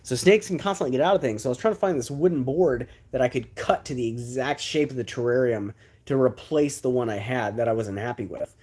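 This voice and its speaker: A man in his thirties hosting a livestream, telling a story in a loose, rambling way. He keeps breaking off into side remarks and fillers before getting back on track. His voice sits at an ordinary middle pitch. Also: brisk. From Texas. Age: 30s. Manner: animated, rambling storyteller with many asides and fillers. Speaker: livestream host.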